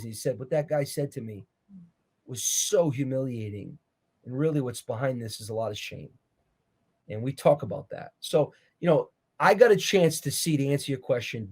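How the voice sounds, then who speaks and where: A man's voice: mid-range voice, a little mellow, breathy edge. A man speaking as an interview guest and author, explaining in an earnest, preacherly way. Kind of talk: conversational interview.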